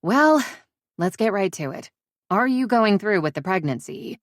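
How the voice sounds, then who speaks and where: A woman's voice: mid-range voice, very animated, a little slow, a little hiss or hum. A woman voicing a blunt, caring young female best friend in an audiobook, with a brash, forthright manner. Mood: brisk. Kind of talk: audiobook dialogue.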